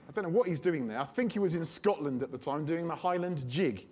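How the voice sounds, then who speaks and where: A man preaching a sermon, telling a personal story in a chatty, animated way. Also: a little high, brisk.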